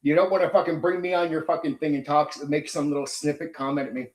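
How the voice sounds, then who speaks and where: A man's voice: fairly high pitch, fairly even intonation, fast, a little mellow, echoey room. A man hosting his own channel, ranting in a blunt, profane, combative casual monologue. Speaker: channel host.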